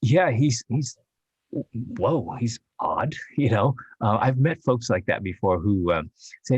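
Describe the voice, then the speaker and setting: A man who is an actor, speaking English as a later language, chatting as a podcast guest in a rambling, halting way with frequent laughs. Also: deep voice, breathy edge, no echo, dull audio. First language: Chinese dialect. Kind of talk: casual interview chat.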